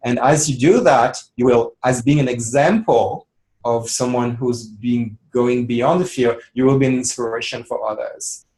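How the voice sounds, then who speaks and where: A man in a relaxed, reflective webinar conversation about personal growth. His voice sits in an ordinary middle range. He circles back on his phrases, with plenty of "you know" fillers. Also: mid-range voice, moderate pace, rough recording. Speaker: webinar co-host. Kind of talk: casual spiritual discussion.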